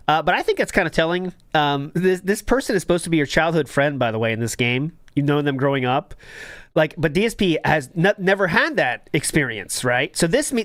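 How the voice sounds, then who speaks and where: A man's voice: on the high side, a bit bright, no echo. A man hosting a podcast, talking through stream clips in a casual, critical, analytical way. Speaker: podcast host.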